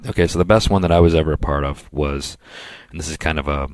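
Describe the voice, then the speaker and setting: A man co-hosting a podcast, telling long rambling anecdotes in a casual chat and slipping into quick impressions of other people. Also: a bass voice, no echo. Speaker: podcast co-host.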